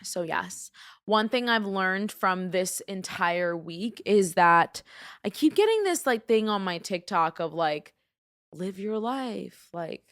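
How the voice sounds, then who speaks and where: A young woman with a New York accent hosts a casual solo podcast. She talks in a loose, rambling way, with plenty of "like" and strong opinions. Her voice sits at an everyday middle pitch for a woman. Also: slow. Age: young adult. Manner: rambling, lots of "like", animated and opinionated. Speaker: podcast host.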